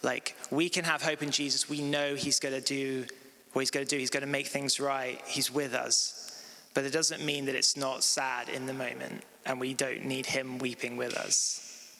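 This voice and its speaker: A bright-voiced man in his thirties preaching a sermon in a casual, conversational way, peppered with "like" and "um". His voice rings with the long reverb of a church hall. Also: mid-range voice, flat delivery, normal speed. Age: 30s. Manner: casual, filler-heavy with frequent "like" and "um".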